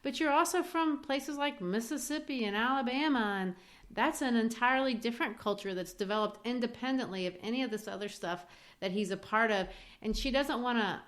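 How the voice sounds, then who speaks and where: A woman's voice: a little high, fairly quick, fairly bright tone. A woman co-hosting a podcast, talking through a play in a thoughtful, casual way and reading quotes aloud. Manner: thoughtful, reads quotes aloud with small voice changes. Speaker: podcast co-host. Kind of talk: casual literature discussion.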